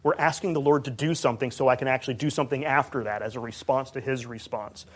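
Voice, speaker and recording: A man giving a measured academic lecture on theology and healing, stressing key points. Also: medium pitch, fairly even intonation. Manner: measured, emphatic, reads out quotes.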